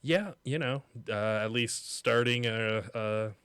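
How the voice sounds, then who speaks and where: A man co-hosting a casual podcast, rambling and halting, swearing casually, on a close mic. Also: medium pitch, a bit bright, clear, resonant tone, dry recording. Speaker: podcast co-host.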